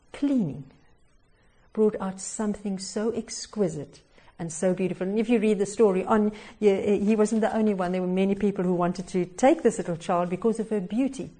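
A woman's voice: mid-range voice, warm tone. A woman preaching a devotional sermon, telling a story expressively with little chuckles and hesitations.

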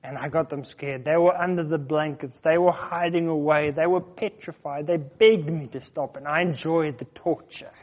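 A middle-aged man from Africa, telling personal stories in a casual, animated way, often repeating words as he goes. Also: fairly high pitch, moderate pace, few pauses. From South Africa. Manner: animated, repeats words, acts out his quotes. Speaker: storyteller. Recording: dull muffled lo-fi recording.

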